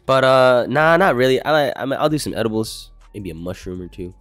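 A man's voice: mid-range voice, animated, brisk, a bit bright, soft background music. A young man livestreaming, chatting casually with his viewers in a laid-back, rambling way and swearing a lot. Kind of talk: casual stream chat, answering chat.

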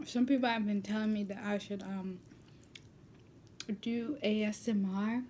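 A woman vlogger chatting casually while she eats, sometimes dropping into a soft whisper, recorded on a built-in camera mic. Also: mid-range voice, fairly even intonation, measured pace, slight background noise. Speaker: mukbang vlogger. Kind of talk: casual chat while eating.

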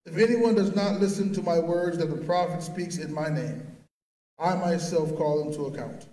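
A man's voice: a little high, moderate pace, mellow, close to an everyday voice. A man voicing the Lord, solemn and commanding, in a scripture reading. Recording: echoey church from far off.

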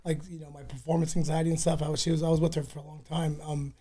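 Raspy guy guesting on a podcast, kinda high but mellow voice, rambles a lot, swears. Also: little pitch movement, racing. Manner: rambling, loose, swears freely. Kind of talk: casual podcast chat.

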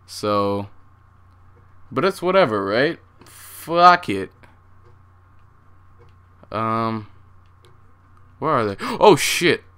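Bright-voiced young man, jumpy game commentary. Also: medium pitch, very animated, drawn-out words, pauses often, clear, resonant tone. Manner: jumpy, swears a lot, talks to viewers. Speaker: gaming channel host.

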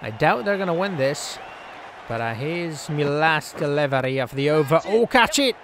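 A man giving casual, joking commentary over his own video game play, yelling at the players on screen. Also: a little high, normal speed, crowd noise, background noise. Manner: excitable, jokey, scolds the game's players aloud. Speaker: gaming channel host.

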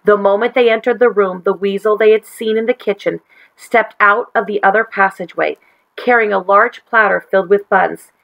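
Gravelly-voiced woman reading a story. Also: medium pitch, moderate pace, muffled recording. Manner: gentle, expressive storytelling. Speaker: teacher reading aloud. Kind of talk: children's read-aloud.

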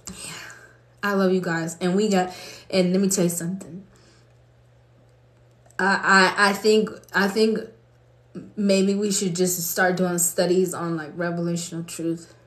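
This Colorado livestream host has a fairly low, level voice and an unhurried delivery with long pauses. She prays, chats freely, laughs often and reads viewers' comments aloud, all in a roomy, echoing space.

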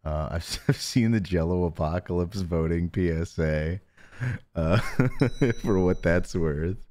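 A man hosting a live stream, chatting casually with viewers and talking softly close to the mic to save his voice. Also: sits low, steady tone, a little slow. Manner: joking, reads chat names aloud. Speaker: livestream host.

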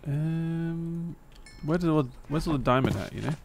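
A man chatting excitedly with friends while playing a game, given to loud outbursts and swearing. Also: a little high, measured pace, vocal fry, over music. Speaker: gamer streaming with friends. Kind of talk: casual gaming chat.

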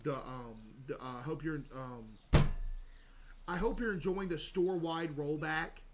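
A man's voice: a little slow, very noisy. A man streaming a shop-management game, chatting playfully. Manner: playful, switches to a sugary high shopkeeper voice for customers. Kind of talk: gaming livestream commentary.

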